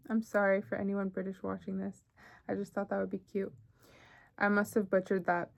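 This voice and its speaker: A woman's voice: mid-range voice, monotone, moderate pace, gravelly. A young woman giving a casual tarot reading, chatty and thinking aloud with frequent fillers. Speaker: tarot reader.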